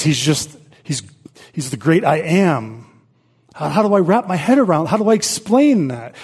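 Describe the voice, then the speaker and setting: A man's voice: fairly high pitch, big pitch swings, normal speed, a little mellow, breathy edge. A male pastor preaching a sermon and reading scripture aloud, earnest, with frequent repeats and restarts.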